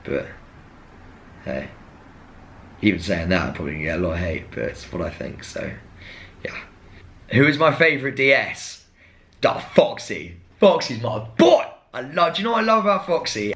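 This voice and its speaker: A young man, talking casually and frankly to camera, rambling and jumping into animated impressions of others. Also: medium pitch. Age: young adult. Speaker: former contestant.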